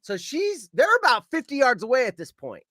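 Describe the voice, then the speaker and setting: A man calling in to a show and telling a story with animated delivery, shouting out his quoted lines and swearing along the way. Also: very high-pitched, a little fast, dry recording.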